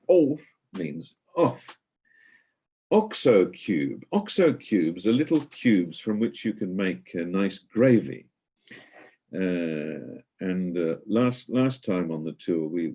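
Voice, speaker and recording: A man's voice: low voice, warm tone, husky. A middle-aged man giving an online guided tour, chatty and explanatory, with many hesitations and fillers.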